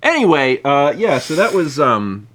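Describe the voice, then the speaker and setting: Chatty guy in his 30s, stream co-host, laughs a lot, bright voice, climbs way up when he quotes people. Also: a little high, sing-song, a little slow. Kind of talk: casual storytelling.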